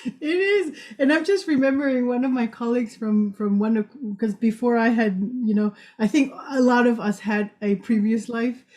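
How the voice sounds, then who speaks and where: A woman hosting a podcast interview, chatty and quick to laugh. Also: a little high. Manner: warm, laughs often. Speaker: podcast host. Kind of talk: conversational interview.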